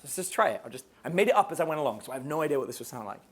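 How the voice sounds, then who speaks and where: A man's voice: on the high side, expressive, racing. A man teaching a live dating seminar in a casual, swearing style, quizzing his audience. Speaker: dating coach.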